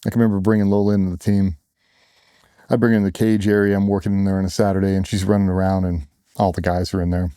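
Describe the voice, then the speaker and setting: A man's voice: low-pitched, level tone, fast, mellow, clear, resonant tone, no echo, studio quality. A middle-aged man, a former special operations operator, telling his story in blunt, earnest conversational speech as an interview guest. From United States. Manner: earnest, blunt, quotes others in raised voices.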